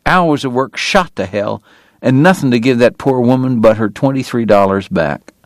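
A man voicing a bitter, weary, consumptive male dentist who speaks with slow, quiet precision. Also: medium pitch, animated, dry recording, natural voice. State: coughing illness, strained breath.

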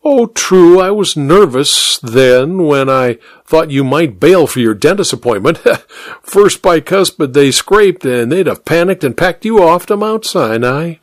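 Casting: man doing a raspy, mocking woman murderer, slow and gloating, dry close sound. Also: a little high, dry recording, voice pushed up. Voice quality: slightly raspy. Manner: calm, mocking, smug. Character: cold, gloating woman killer.

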